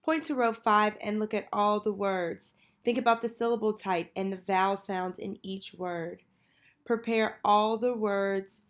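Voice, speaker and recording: A woman teacher leading a children's phonics lesson, patiently prompting and pausing for answers. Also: medium pitch, steady tone. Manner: slow, patient, call-and-response prompting.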